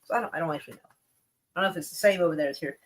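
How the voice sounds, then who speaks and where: Smoking and rolling cigarettes while she talks, a woman reads articles aloud on a laid-back news live stream and fires back with profane sarcasm and frequent laughter. She has a low voice and races along.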